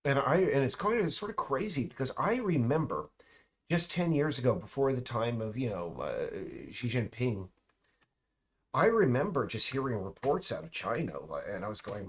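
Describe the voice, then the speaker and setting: A man in a casual, rambling monologue. He talks haltingly, with many restarts, trailing asides and mocking remarks. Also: mid-range voice, sing-song.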